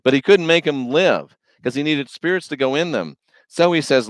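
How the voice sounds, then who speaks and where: A man's voice: medium pitch, brisk, no room sound. Guy preaching casual and slangy, keeps hammering points, dry close sound. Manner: folksy, slangy, conversational; emphatic, repetitive. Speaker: religious video host. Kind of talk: informal preaching monologue.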